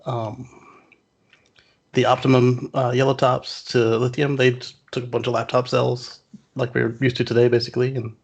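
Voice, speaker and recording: A gravelly, husky man co-hosting a casual chat. He rambles through his points, trailing off on fillers, and his sound is dull and muffled. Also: medium pitch, level tone, moderate pace. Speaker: podcast co-host.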